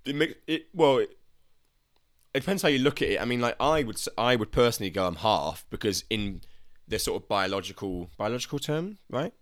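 A man's voice: mid-range voice, lively intonation, a little fast, fairly bright tone, no echo, clean studio sound. A young man, hosting a podcast in chatty, teasing talk and laughing often. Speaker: podcast host. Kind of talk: casual podcast chat.

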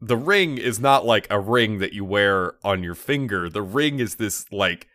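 Bright-voiced man rambling through a recap. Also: lowish voice, measured pace, no echo, clean studio sound. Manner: rambling, animated, many fillers and asides. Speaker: podcast co-host. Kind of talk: casual anime recap chat.

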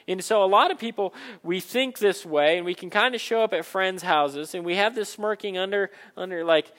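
A man preaching a sermon, animated and conversational, acting out the people in the story in quick asides. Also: high-pitched, big-room sound. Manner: animated, acts out Bible characters in quick asides. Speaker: pastor.

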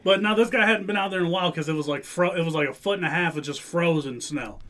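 A man in his twenties telling a rowdy, profane story in casual chat, acting out loud quotes. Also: on the high side, fast talker. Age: 20s. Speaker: podcast co-host.

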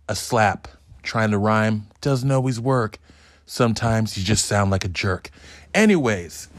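A man's voice: fairly low pitch, dry recording, clean studio sound. A man hosting a solo review podcast, talking in a hyped, profane, joking ramble. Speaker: podcast host.

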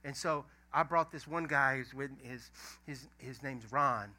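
Bright-voiced preacher. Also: male voice, medium pitch, unhurried. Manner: folksy storytelling, swings from loud emphasis to hushed near-whisper. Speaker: pastor. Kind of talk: sermon.

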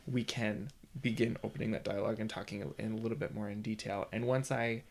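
A man's voice: on the low side, flat delivery, fairly quick, creaky. A man co-hosting a podcast and running a tabletop game, chatting in a thoughtful, hesitant way as he thinks aloud. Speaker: podcast co-host, game master. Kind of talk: casual chat.

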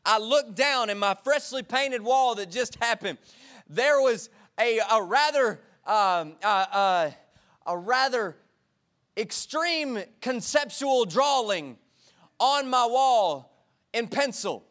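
Guy pastor preaching to a church, bright ringing voice, pumps the crowd up. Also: extremely high pitch, takes it slowly. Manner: energetic, exhorting the congregation with call-and-response. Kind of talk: sermon. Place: church before a congregation.

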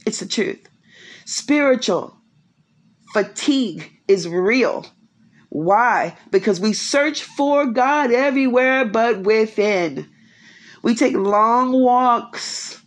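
A woman's voice: on the high side, lively intonation, takes it slowly. A woman giving a spiritual encouragement talk at home, emphatic and repetitive, full of rhetorical questions. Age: 50s. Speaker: faith speaker. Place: quiet home.

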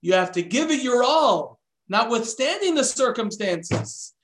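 A man's voice: very high-pitched, very animated, unhurried, a bit bright, heavily acted. A man voicing an elderly revered sage who explains and exhorts in an emphatic, fatherly way. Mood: exhorting.

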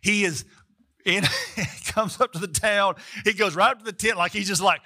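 A man preaches in a chatty, storytelling way, turning to the audience with quick asides. His voice is high and very bright, with a keen ring to it. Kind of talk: sermon.

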